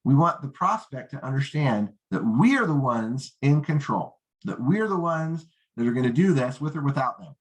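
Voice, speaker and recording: A man's voice: big pitch swings, moderate pace, hardly any pauses. A man teaching a network marketing lesson, confident, often checking in with "right?" and "okay?". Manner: confident, acts out rookie and prospect lines in higher voice; peppers talk with "right?" and "okay?". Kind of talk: coaching lesson.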